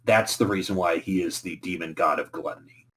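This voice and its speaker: A man co-hosting a casual podcast who calmly explains background details. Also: deep voice, fairly quick, slightly rough. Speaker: podcast co-host.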